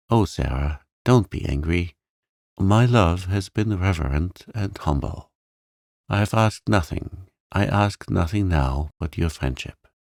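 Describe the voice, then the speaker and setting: A man's voice: deep voice, creaky, darkish tone, no room sound, clean studio sound. A man reading a storybook, voicing a humble, devoted man who speaks earnestly and pleadingly.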